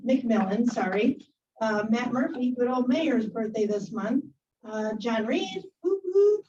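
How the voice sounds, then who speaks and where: A woman's voice: on the high side, a little mellow. A woman acting as club sergeant at arms, joking as she reads out names and announcements at a meeting. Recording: distant muffled room recording, faint noise.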